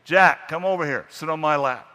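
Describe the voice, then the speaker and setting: A man's voice: on the high side, normal speed, pushed and bright, pitched above the performer's own voice. A preacher putting on a coaxing old grandmother. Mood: insistent. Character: kindly elderly grandmother, gently insistent. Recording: long reverb in a large hall.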